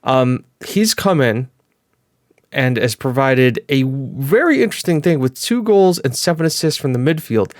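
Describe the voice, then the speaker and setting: A young man chats through his game like he is catching up with regular viewers, wandering between thoughts and fixing his slips as he goes. His pitch sits in the middle range for a man. The recording is dry and close, with no room around the voice. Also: lively intonation, moderate pace, dry recording. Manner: chatty, rambling, with fillers and self-corrections. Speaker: gaming video host. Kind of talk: casual gameplay commentary.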